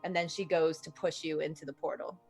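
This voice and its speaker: A woman's voice: sits low, steady tone, a little fast, husky, faint music behind. Woman narrating as game master. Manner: loose, filler-heavy narration.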